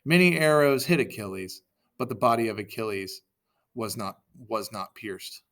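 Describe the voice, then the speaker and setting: Casual male reader, bright voice. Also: lowish voice, normal speed. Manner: reads with self-corrections and asides. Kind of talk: casual storybook reading aloud.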